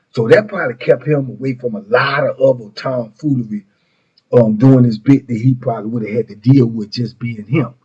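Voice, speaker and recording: A man's voice: mid-range voice, a little mellow, breathy edge. A middle-aged man telling prison stories as the show's host, in laid-back street slang with rambling asides. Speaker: storyteller host. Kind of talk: casual prison storytelling. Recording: muffled lo-fi recording.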